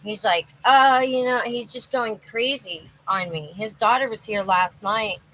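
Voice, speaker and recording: Speaking unhurriedly in a mid-range voice that sounds pushed and bright, a woman rambles through a live-stream monologue, tired and anxious, restarting her sentences along the way. The phone or webcam recording is rough, with a slight hiss or hum.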